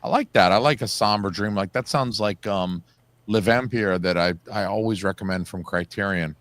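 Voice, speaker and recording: Low-voiced man joking on a livestream. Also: moderate pace, a bit bright. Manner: joking, enthusiastic, says "like" often. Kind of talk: casual livestream chat.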